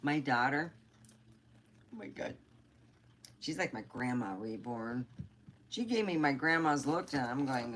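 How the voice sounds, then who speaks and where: Slow, low-voiced middle-aged woman rambling. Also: animated, a little hiss or hum. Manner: rambling, candid, swears freely. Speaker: livestream host. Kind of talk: casual livestream chat.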